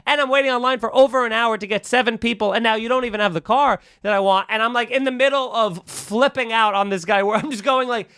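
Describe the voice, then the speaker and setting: A man's voice: very high-pitched, quick pace, few pauses, smooth, no echo, studio quality. A man on a podcast telling a long, heated anecdote in casual chat, acting out both sides and swearing freely. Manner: animated, acts out both sides of a quarrel, swears. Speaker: podcast host.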